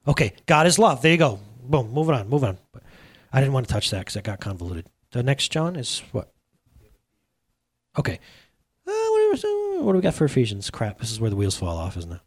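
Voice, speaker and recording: A male pastor preaching a sermon in an energetic, emphatic, conversational way. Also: mid-range voice, a little fast, husky.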